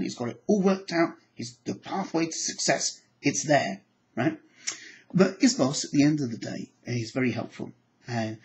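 A man teaching applied psychology to camera, animated and acting out his examples. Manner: animated, acts out examples with sudden pitch jumps. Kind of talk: lecture to camera.

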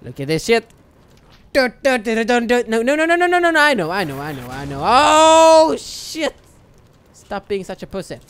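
A young adult gamer giving loud, excitable let's play commentary, swearing and yelling at the game. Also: medium pitch, normal speed, smooth.

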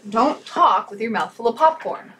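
A woman's voice: on the high side, animated, moderate pace, background noise. A woman playing a board game in casual chat, playfully bossy as she counts units and scolds her partner.

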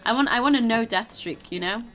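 A tired, low-energy woman streaming a game and chatting casually, rambling and repeating herself as she restarts sentences. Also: fairly quick, fairly bright tone, soft background music. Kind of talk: casual gaming stream chat.

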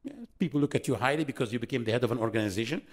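A man giving a religious lesson to an audience, animated and full of rhetorical questions, acting out quotes. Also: mid-range voice, very fast. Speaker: Islamic lecturer.

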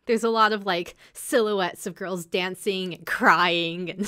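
A woman's voice: mid-range voice, fairly even intonation, sharp tone. A woman hosting a podcast, recapping episodes in casual chat and slipping into characters' lines as she goes. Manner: chatty, acts out characters' lines in quick asides. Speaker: podcast host.

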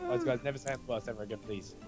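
A man's voice: mid-range voice, steady tone, very fast, music in the background. A young man chatting while gaming online, grumbling and exclaiming in frustration over his headset mic. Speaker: gamer. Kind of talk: casual chat while gaming.

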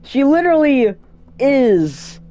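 A young man commentating his horror game play, swinging from low mutters to excited yelling, sometimes out of breath. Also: slow. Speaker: gameplay streamer.

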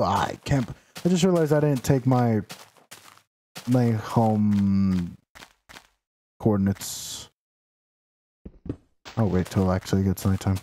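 Slow, mellow-voiced young man streaming games. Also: lowish voice, slight background noise. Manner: rambling, playful, talks to game characters in mock outrage. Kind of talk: casual live game stream. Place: home room, sitting in a noisy chair.

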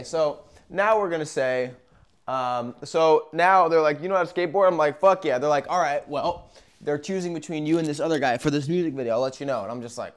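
A young man telling a story in a casual, profane, animated way, with sudden loud bursts and quiet asides. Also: mid-range voice, clear, resonant tone. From Arizona. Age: young adult.

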